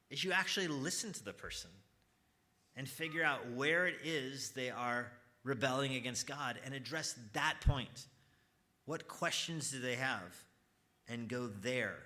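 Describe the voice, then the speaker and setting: A man teaches an evangelism class at church in a conversational way, quizzing his students and earnestly stressing key points. His mid-range voice is bright and forceful.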